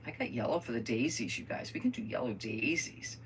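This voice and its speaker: A woman's voice: rumbling low, animated, fairly quick, a little hiss or hum. An older woman chatting casually to viewers while she crafts at home, rambling through stories and talking to them as friends. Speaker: crafter vlogger.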